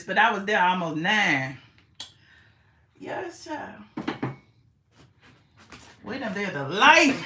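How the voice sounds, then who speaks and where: A woman's voice: medium pitch, pushed and bright, echoey room, slight background noise. A woman hosting a casual livestream from her home, chatting with viewers and calling them child and honey. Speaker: YouTube host.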